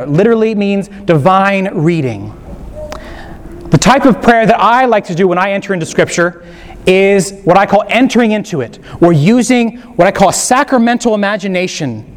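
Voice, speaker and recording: A man leading a gentle, inviting guided meditation on Scripture as a preacher. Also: high voice. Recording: long hall reverb.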